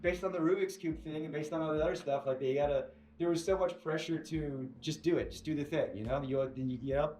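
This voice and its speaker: A man telling his story in an interview, animated and excited, acting out what others said to him. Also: a little high, fairly quick, few pauses, slight background noise. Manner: excited retelling, mimics other people's words. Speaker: interview guest.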